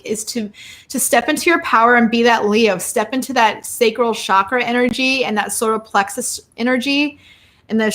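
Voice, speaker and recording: A woman's voice: on the high side, a bit bright. A woman hosting a live tarot and astrology show, reading cards for each sign in a bubbly, chatty way with frequent exclamations and asides to viewers.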